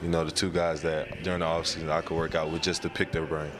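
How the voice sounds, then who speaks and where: A young man, a basketball player, answering interview questions in a calm, casual way. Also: extremely low pitch, fast talker.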